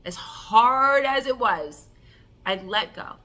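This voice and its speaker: A woman telling an emotional personal story in an animated way, acting out the voices and filling her talk with "like". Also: fairly high pitch, slow. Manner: animated, acts out voices and cries, many "like" fillers. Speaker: self-love coach telling a personal story.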